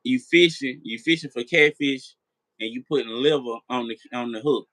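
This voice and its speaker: A man with a mid-range, slightly bright voice hosts a late-night live stream chat at normal speed, rambling, repeating himself and swearing as he addresses viewers directly. The recording is dry and the audio quality poor.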